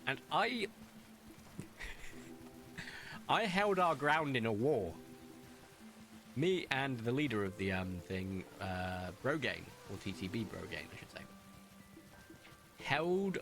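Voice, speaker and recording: Young male streamer, rambling and animated, lively pitch, soft music underneath. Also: slow pace, pauses often. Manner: chatty, rambling, animated storytelling. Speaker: game streamer. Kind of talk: casual gameplay commentary.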